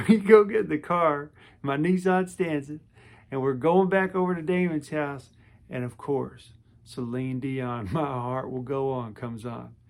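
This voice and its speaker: A man's voice: medium pitch, a little mellow. A man in his forties telling a personal story to camera, casual and rambling, with lots of restarts and fillers.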